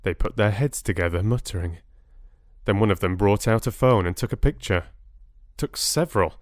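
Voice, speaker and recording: A man calmly reading a bedtime story for grown-ups as an audiobook narrator. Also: fairly low pitch, no echo, clean studio sound. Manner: calm, unhurried.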